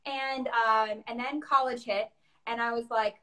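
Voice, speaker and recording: Chicago-raised woman, fairly high voice, animated guest storyteller who acts out her own past reactions. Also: unhurried. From Chicago, USA. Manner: animated, acts out her past self in quotes, laughs often. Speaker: guest opera singer. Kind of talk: casual interview storytelling.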